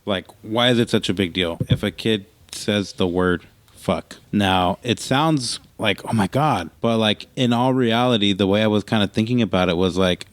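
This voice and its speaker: A man in his thirties talks in a very low, deep voice. He chats casually on a podcast, swearing freely. The sound is dry and close. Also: moderate pace, no echo. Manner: laid-back, swears freely, says "like" and "dude" a lot. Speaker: podcast co-host. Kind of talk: casual chat.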